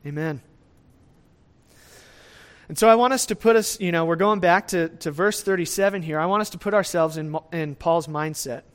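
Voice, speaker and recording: Conversational male preacher, slightly higher voice. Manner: conversational, often asks "right?" to the listeners; lively swings in loudness, speeds up and slows down. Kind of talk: sermon, verse-by-verse teaching.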